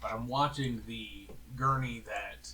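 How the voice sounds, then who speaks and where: Eager bright-voiced man at the game table. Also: mid-range voice, slow, low-quality recording. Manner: eager, asks questions about the scene. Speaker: player. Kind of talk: casual tabletop game play.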